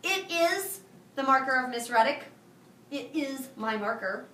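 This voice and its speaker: A woman teaching a Spanish review lesson to a high school class, firing questions and having students repeat after her. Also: expressive, unhurried, a bit bright. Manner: drills students with call-and-response questions. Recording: echoey classroom from far off.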